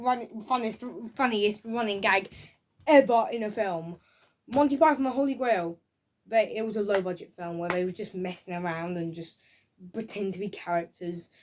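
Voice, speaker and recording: A woman giving a casual, excited review of a film, rambling through scenes with frequent restarts. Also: medium pitch. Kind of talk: casual home-video review.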